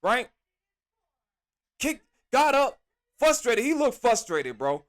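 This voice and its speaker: High pitched dude going off on a wrestling show, slangy and worked up. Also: male voice, takes it slowly. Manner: animated, exasperated ranting with slang. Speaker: podcast host. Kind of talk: casual wrestling review.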